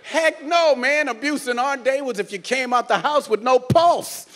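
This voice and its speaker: A middle-aged man performing a stand-up comedy set on a theater stage, animated and acting out characters. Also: very high-pitched, normal speed. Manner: animated, acts out characters, laughs along. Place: cruise ship theater stage.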